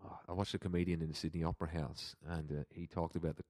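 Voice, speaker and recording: A man with an Irish accent talks in a relaxed, rambling way, breaking into laughter often. His voice sits very low. The sound is dry and close, with no room around it. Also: fast, no room sound. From Ireland. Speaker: guest. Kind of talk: casual chat.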